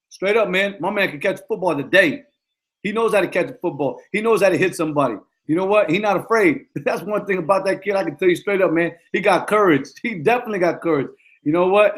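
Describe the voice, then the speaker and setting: Man, football coach, high-pitched voice, motivational talk, emphatic, repeats himself, slangy. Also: fast.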